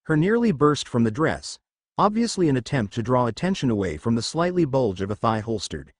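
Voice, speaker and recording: Animated male fan-fiction narrator. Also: medium pitch, fairly quick, no room sound, clean studio sound.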